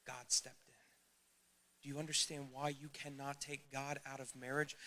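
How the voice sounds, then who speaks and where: A man's voice: mid-range voice, level tone, normal speed, sharp tone. A middle-aged man preaching a sermon as youth pastor, earnest and emphatic, speaking straight to his listeners.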